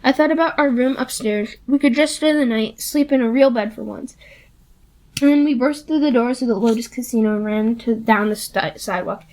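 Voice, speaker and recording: A woman reading a novel aloud in steady, plain first-person storytelling. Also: fairly high pitch, a little fast. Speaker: audiobook reader.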